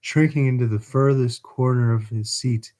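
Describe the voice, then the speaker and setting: A man reading a classic novel aloud at a steady pace on a livestream. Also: mid-range voice, moderate pace. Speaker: livestream book reader.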